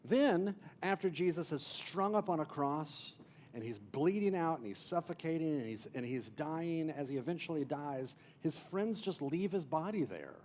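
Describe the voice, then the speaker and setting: A man pastor preaching a sermon as an emphatic storyteller, swinging from loud to near-hushed. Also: fairly high pitch, lively intonation, moderate pace, a little hiss or hum. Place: church.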